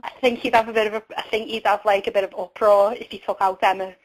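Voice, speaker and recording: A woman's voice: medium pitch, fairly even intonation, fast, poor audio. A woman with a Scouse accent co-hosting a casual interview, giggly and teasing.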